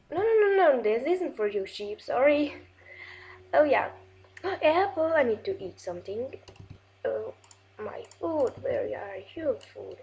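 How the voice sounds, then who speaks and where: Woman w high voice talking slow thru her game, gasps n nervous laughs. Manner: excitable, easily startled, gasps and nervous laughs; halting non-native English with frequent restarts. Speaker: gaming video host. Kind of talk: casual gameplay commentary.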